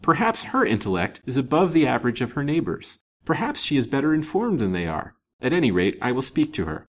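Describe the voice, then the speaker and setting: A man's voice: medium pitch, very animated, a little fast, voice pushed up. A man voicing a courteous, wary detective in a storybook reading, formal and musing in speech.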